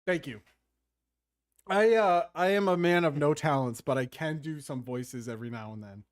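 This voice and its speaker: A man's voice: fairly high pitch, normal speed, no room sound, clean studio sound. A man in his thirties, co-hosting a gaming podcast and telling rambling, jokey stories in casual chat. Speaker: podcast co-host.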